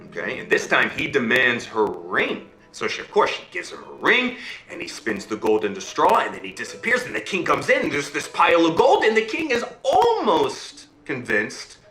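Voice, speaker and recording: A man's voice: fairly high pitch, normal speed, echoey room, rough recording. A man telling a fairy tale to listeners, checking in with them as he goes. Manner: animated, checks in with listeners ("okay?", "right?"). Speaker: storyteller. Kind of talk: oral storytelling.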